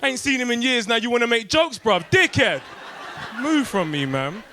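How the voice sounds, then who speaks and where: Animated young London comedian, bright and high. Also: male voice, normal speed, slight background noise. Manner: animated, streetwise, full of tag questions. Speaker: stand-up comedian. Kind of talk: stand-up comedy set. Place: comedy club stage.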